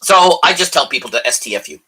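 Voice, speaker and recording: Heated, swearing man with a bright, husky voice. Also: a little high, animated, quick pace. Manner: heated, swearing rants about football. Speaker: co-host. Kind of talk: casual chat. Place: live stream video call.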